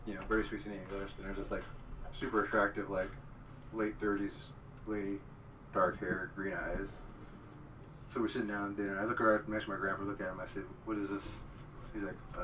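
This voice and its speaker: A man telling a rambling story in casual chat, full of fillers. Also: fairly low pitch. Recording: distant mic with noise.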